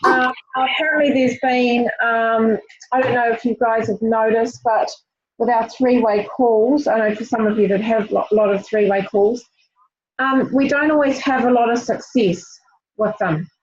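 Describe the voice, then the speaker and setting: A woman with a fairly high voice coaches her team on a group call. She talks directly and encouragingly, full of fillers and restarts. The audio is dull and lo-fi. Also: fairly even intonation, moderate pace. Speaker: team leader.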